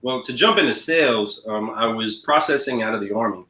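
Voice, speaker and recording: A man's voice: medium pitch, a little fast. A man from New York telling stories in a casual interview about getting into car sales, acting out the people he quotes. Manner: animated storyteller who acts out quoted people. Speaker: guest, car sales professional. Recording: echoey room.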